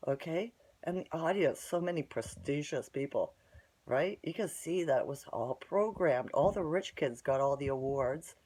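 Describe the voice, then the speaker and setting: A woman's voice: low voice, a little mellow, husky. A woman telling a long story in a casual, rambling way, bluntly scornful and tagging her sentences with "right?". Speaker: vlogger.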